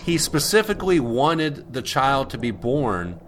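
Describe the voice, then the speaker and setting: A man's voice: mid-range voice, very animated, unhurried, a little hiss or hum. A man co-hosting a casual podcast chat, rambling expressively through his points with many fillers. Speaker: podcast co-host.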